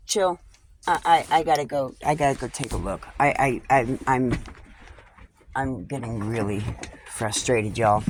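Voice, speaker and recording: Low, slow-talking woman vlogging casually. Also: slight background noise. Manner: frank, swears freely, halting restarts. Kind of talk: casual vlog to camera. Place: inside a small RV. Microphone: phone or camera with a wide-angle lens.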